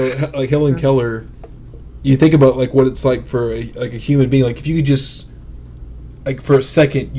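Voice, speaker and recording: A man's voice: medium pitch, mellow, slight background noise. A man co-hosting a podcast, rambling and profane in casual chat. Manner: rambling, profane, laughs at own jokes. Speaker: podcast co-host.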